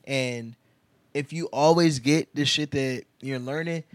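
A young man co-hosting a podcast, telling a story in casual chat and acting out the quotes loudly. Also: medium pitch, unhurried, dry recording. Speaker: podcast co-host.

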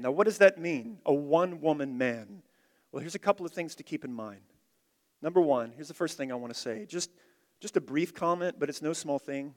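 Male pastor, slightly high voice, emphatic sermon delivery, long hall reverb. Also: lively intonation, normal speed. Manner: emphatic, repeats key phrases, swings from loud to quiet. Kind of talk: expository sermon.

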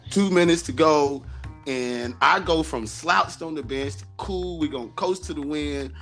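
A man's voice: fairly high pitch, measured pace, fairly bright tone, faint music behind. A man in his forties, a basketball coach hosting a casual chat, telling stories animatedly and laughing often. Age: 40s.

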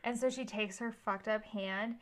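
A woman's voice: mid-range voice, steady tone, moderate pace. Podcast co-host, woman, loose rambling recap, lots of fillers, salty language. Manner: rambling recap, heavy on "like" and "um", swears freely. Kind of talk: casual movie recap chat.

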